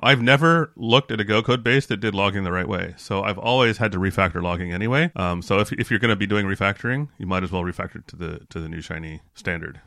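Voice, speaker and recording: A man with a fairly low, gravelly voice explains things in a measured, thoughtful way, with a dry sense of humor. The sound is dry and close. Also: pushed and bright, dry recording. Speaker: podcast co-host. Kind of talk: casual tech podcast chat.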